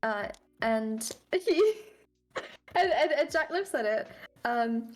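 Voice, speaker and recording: A woman from Germany chats on a livestream with a fairly high voice. She giggles often as she tells stories. She is quick to reassure the person she is talking with. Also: lively intonation, a little hiss or hum. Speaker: co-streamer. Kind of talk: casual chat on a livestream.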